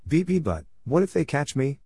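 A man's voice: lowish voice, expressive, a little fast, darkish tone, no echo, studio quality. A man voicing a nervous male bulldog sidekick who speaks hesitantly.

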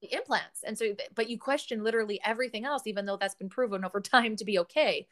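A woman's voice: mid-range voice, fast talker, fairly bright tone. A woman in her thirties hosting a casual podcast chat, talkative, laughing often and swearing freely. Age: 30s. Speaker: podcast host.

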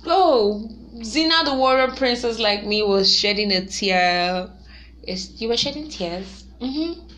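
A young woman chatting casually to her viewers, lively and quick to laugh. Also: medium pitch. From Nigeria. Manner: chatty and animated, laughs often, sings snatches of songs. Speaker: vlogger. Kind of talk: casual vlog chat.

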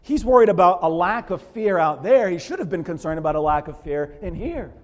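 In a large hall, a man preaching a sermon voices biblical figures in quoted speech, his pitch climbing sharply. He is a pastor who talks fairly quickly with big pitch swings.

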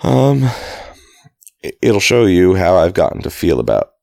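A man's voice: low voice, very animated, measured pace, vocal fry, warm tone, no room sound. A man reading a novel aloud in a dry, casual way, fixing slips and breaking off for chatty asides. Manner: dry, self-correcting, stops to comment on his own reading. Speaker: reader of a novel.

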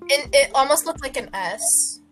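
A woman's voice: high-pitched, expressive, moderate pace, soft background music, rough recording. A young woman casually telling a rambling story, giggling and acting out what people said. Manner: rambling, giggly, acts out quotes. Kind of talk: casual chat.

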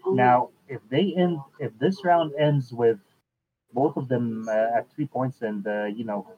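Man, casual chat host, medium pitch, unhurried, lots of "uh", tinny phone-line sound. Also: slight background noise. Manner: unhurried, fills pauses with "uh" and restarts. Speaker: podcast host.

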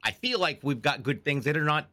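A man's voice: on the high side, lively intonation, brisk, sharp tone. A man co-hosting a podcast in casual chat, telling rambling stories. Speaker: podcast co-host.

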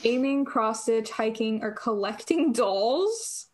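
Rambling through casual podcast chatter full of fillers and false starts, this young female co-host speaks slowly in an expressive, somewhat high voice.

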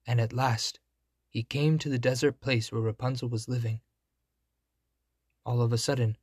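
Slow, husky male storyteller. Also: mid-range voice, a little mellow, no echo, studio quality. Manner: measured, storybook delivery. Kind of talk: fairy tale reading.

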